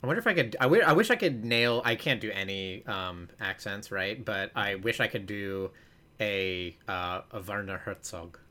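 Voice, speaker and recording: A man's voice: fairly low pitch, pushed and bright. An American man co-hosting a podcast, rambling casually, stumbling over his words and trying out silly accents. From United States. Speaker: podcast co-host. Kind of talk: casual chat.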